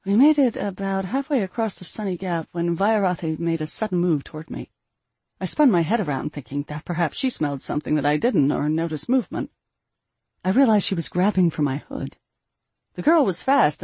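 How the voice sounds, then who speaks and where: A woman narrating a first-person fantasy story in a measured, steady way. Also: on the low side, slightly rough, no room sound. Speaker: audiobook narrator.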